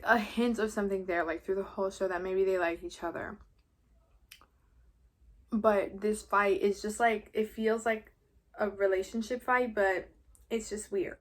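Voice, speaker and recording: A young woman in her late teens from New York, casually retelling a story for her vlog in a chatty, gossipy way with playful swearing. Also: medium pitch. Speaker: vlogger. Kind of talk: casual story recap during a mukbang.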